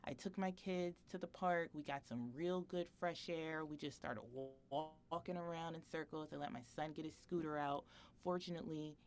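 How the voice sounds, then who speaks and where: A woman in her thirties co-hosting a podcast, telling a personal story in a chatty, animated way with frequent laughter. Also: low voice, moderate pace, a little hiss or hum. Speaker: podcast co-host. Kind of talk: casual podcast chat.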